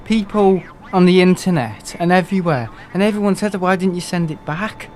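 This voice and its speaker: A young man chats loosely on a live gaming stream, his voice sitting a little high. He rambles from one thought to the next, laughs a lot and pokes fun at himself, with a faint hum of background noise. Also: moderate pace, darkish tone. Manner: rambling and chatty, laughs often, self-mocking. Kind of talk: casual live-stream chat.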